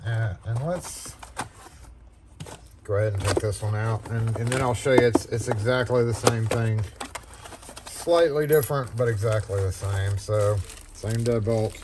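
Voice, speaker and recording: Male locksmith vlogger, mid-pitched voice, loose chatty delivery with lots of "uh" and restarts. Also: background noise. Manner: rambling, loose, full of fillers and restarts. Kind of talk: casual product review vlog.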